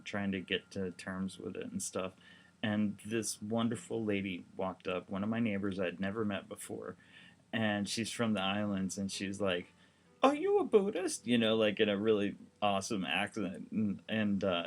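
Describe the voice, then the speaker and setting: A seriously ill man talking casually to the camera, rambling and heartfelt with lots of fillers. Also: fairly low pitch. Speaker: documentary vlogger.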